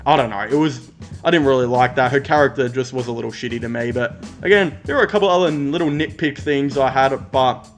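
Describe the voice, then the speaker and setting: An Australian man giving a casual, rambling movie review, blunt and quick to swear. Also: mid-range voice, faint music behind.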